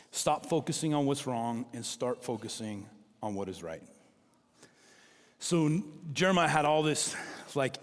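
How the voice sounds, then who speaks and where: Middle-aged pastor preaching in a reverberant hall. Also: male voice, mid-range voice. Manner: animated storytelling, acting out quoted dialogue. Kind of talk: sermon.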